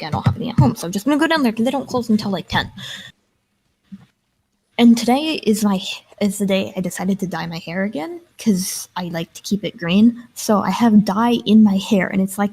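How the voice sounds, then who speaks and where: A woman's voice: medium pitch, normal speed, warm tone, breathy edge, low-quality recording. A young woman chatting casually while gaming, telling stories with lots of fillers. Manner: chatty storyteller, many fillers. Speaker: guest streamer and artist.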